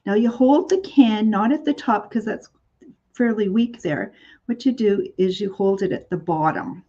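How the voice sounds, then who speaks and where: A woman's voice: medium pitch, moderate pace, warm tone, dull audio. A woman hosting a live shopping show, chatting in a rambling way with many fillers.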